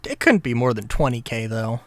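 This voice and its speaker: A man's voice: medium pitch, very animated, a little fast, no echo. A young man chatting casually on a live stream, ranting in exasperation with lots of swearing and filler words.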